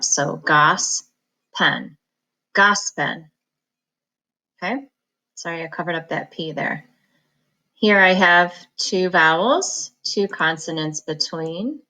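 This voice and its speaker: A woman reading teacher giving a phonics lesson, slowly breaking words into syllables and sounds in a patient, encouraging manner. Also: lowish voice, sharp tone, low-quality recording.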